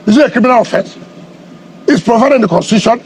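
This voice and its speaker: A middle-aged man with a notably high voice and a combative edge, hammering out rhetorical questions and repeating himself for emphasis. He answers in a heated media interview. Faint noise hums underneath. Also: expressive, quick pace, a little mellow. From Nigeria. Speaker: politician being interviewed.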